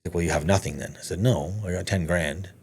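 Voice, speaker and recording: Fast-talking low-voiced man telling a story. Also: slightly rough. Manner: animated, swears freely, acts out quoted dialogue. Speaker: podcast guest. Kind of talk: casual storytelling conversation.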